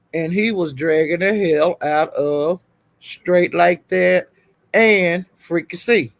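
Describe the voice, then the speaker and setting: A man's voice: sits high, no echo. A man livestreaming, telling gossip in a casual chatty way, laughing often and calling out "child" and "honey".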